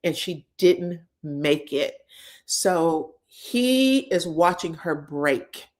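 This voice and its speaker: A woman in casual chat, recapping reality-show scenes for viewers with animated, emotional delivery and free swearing. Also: lowish voice, very slow. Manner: retells scenes in others' voices.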